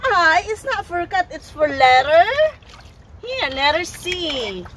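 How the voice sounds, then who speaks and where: A woman teaching her toddler letters and animal sounds at home, sounding out words slowly and encouraging them. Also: very high-pitched, lively intonation, fairly bright tone, slight background noise. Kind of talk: playful home learning session.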